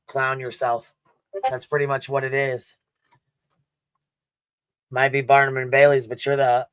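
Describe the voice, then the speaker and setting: Blunt profane man, flat and smooth. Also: medium pitch, no echo. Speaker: panel guest. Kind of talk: heated livestream commentary.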